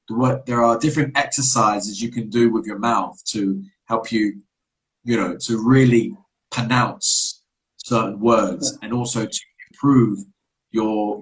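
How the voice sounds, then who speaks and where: A man from England with a London accent, an English teacher giving encouraging advice in a relaxed interview chat, with easy hesitations. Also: on the low side, rough recording.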